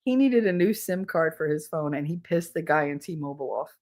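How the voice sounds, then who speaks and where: A woman's voice: low-pitched, lively intonation, brisk, darkish tone. A middle-aged woman, a podcast co-host, telling stories in a casual, candid and profane way, often quoting others. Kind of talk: casual storytelling.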